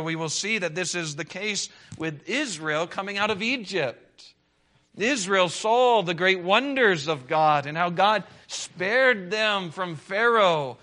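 A man preaching a sermon, swinging between loud rises and hushed drops, reading scripture in old-fashioned wording. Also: high voice.

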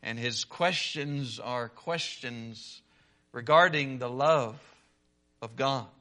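A man preaching a sermon, swinging between loud rises and hushed drops, reading scripture in old-fashioned wording. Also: medium pitch, slow.

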